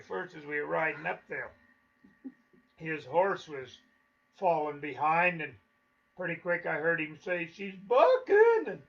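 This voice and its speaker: A man's voice: fairly high pitch, gravelly, fairly bright tone, highs cut off. An older man telling stories from his life in a folksy, chuckling way. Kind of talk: casual spoken reminiscence.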